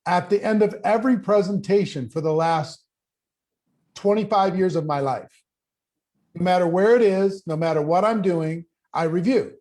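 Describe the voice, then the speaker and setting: A man's voice: high-pitched, normal speed, a little mellow. A man hosting a panel as a speaking coach, talking emphatically and listing questions. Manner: emphatic, repeats questions in lists. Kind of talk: coaching talk on video panel.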